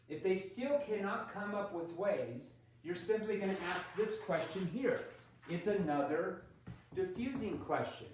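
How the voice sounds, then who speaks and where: A man's voice: high-pitched, expressive, moderate pace, slight background noise. A man teaching a sales training lesson, acting out short lines between seller and prospect with shifting tone. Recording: very echoey room.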